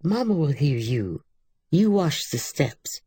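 Bossy scornful girl, as a woman reads her, raised pitch, dry close sound. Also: sing-song, slow pace, mellow, breathy edge, no echo, heavily acted.

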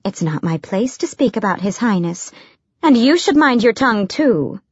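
A woman's voice: fairly high pitch, sing-song, moderate pace, breathy edge, no echo, highs cut off, pitched above the performer's own voice. A woman voicing a bold, motherly older woman servant who scolds and fusses. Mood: fussy, scolding. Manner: scolding, fussy.

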